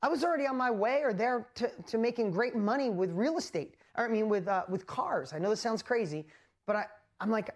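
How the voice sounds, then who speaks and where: A man hosting a live motivational talk, telling his story with animated energy and lots of exclamations, and often asking the audience questions directly. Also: sits high, fairly quick. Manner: speaks straight to the audience with rhetorical questions. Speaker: host and motivational speaker.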